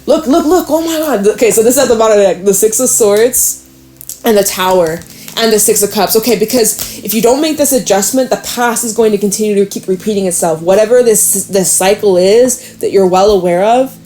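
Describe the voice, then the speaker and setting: A woman giving a casual, frank tarot reading to her viewers, chatty and quick to swear and laugh. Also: medium pitch, dark tone. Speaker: tarot reader.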